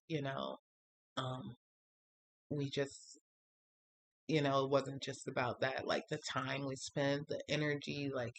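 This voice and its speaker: A woman vlogger talking candidly about her own dating life in a rambling monologue with many fillers, her voice jumping higher whenever she quotes someone. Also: a bit bright. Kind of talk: personal storytime monologue.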